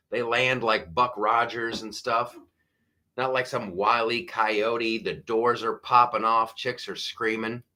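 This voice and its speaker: A man hosting a live stream, joking through the news in animated commentary and putting on quick voices. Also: mid-range voice. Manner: animated, jokey, mimics voices, laughs often. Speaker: host.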